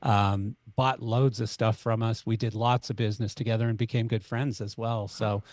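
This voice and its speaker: Middle-aged Canadian man, animated podcast storyteller, dry close mic. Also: on the low side, moderate pace, dry recording. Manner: animated, acts out both sides of dialogue. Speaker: podcast guest. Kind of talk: conversational storytelling.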